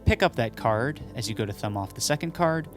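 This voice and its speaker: A man explaining a card move step by step, calmly, as the host of a magic tutorial. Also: mid-range voice, brisk, soft background music. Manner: joking storyteller, acts out dialogue; calm step-by-step instruction. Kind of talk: stand-up comedy bit, then tutorial instruction.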